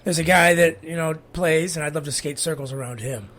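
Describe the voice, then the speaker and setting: A man's voice: fairly high pitch, a little fast. A man co-hosting a casual podcast chat, joking and telling stories with lots of energy. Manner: joking, animated storyteller. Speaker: podcast co-host.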